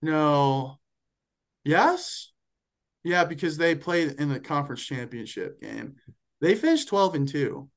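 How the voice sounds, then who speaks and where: A young man co-hosting a sports podcast, talking at an unhurried pace in a fairly high voice. He rambles through his picks, circling back and correcting himself as he goes. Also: animated. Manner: rambling, self-correcting, enthusiastic about picks. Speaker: podcast co-host. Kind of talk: casual sports chat.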